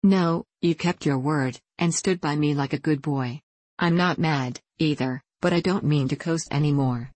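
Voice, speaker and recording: A woman's voice: low-pitched, moderate pace, darkish tone, no room sound. A woman reading the part of a plain, determined young country girl in a storybook. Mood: earnest. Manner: earnest, determined.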